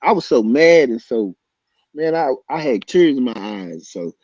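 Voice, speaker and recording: A man telling a story loudly and excitably, acting out voices and punches with sound effects. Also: medium pitch, a little slow, no echo. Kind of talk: animated storytelling. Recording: dull lo-fi sound.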